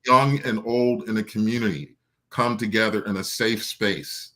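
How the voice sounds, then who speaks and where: A man with a low voice calls in to a talk show. His tone is bright and forceful, and he speaks earnestly, working through his thoughts with plenty of fillers. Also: fairly even intonation, moderate pace. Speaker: caller. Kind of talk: casual call-in talk.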